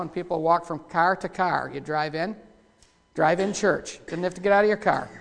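A preacher man with a gravelly, fry-edged voice delivers a rough, folksy sermon full of sudden loud bursts. His words ring out with a long hall reverb behind them. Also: sits high.

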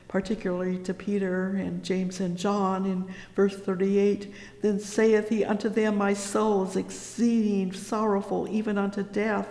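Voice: medium pitch, flat delivery, a little slow, a little mellow. A preacher giving a fervent sermon, reading old-fashioned scripture and exclaiming praise between lines. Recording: echoey hall.

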